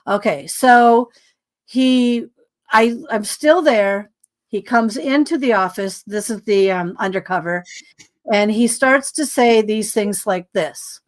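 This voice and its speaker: A woman, a podcast guest, telling a long story in a rambling, animated way with many asides. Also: medium pitch, slow.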